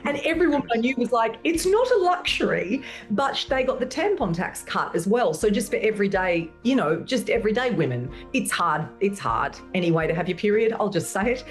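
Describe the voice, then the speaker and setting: An Australian woman talks freely as a guest in a relaxed interview. She is an animated, chatty storyteller who tosses in emphatic asides, and her voice sits at an ordinary middle pitch. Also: fairly quick, few pauses, faint music behind. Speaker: actress and guest. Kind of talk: casual interview chat.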